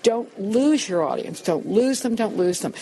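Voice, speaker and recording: A woman's voice: a little high, normal speed. Older new york lady, cabaret singer chatting in an interview, emphatic, lots of restarts. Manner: animated storyteller, emphatic, frequent restarts. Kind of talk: conversational interview, anecdotes.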